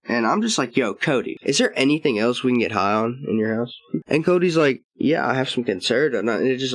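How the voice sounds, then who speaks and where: A young man rambles through a storytime vlog in heavy slang, swearing freely and breaking into laughter between lines. His voice sits at a middling pitch and sounds close and dry, with no room around it. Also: no echo. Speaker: channel host.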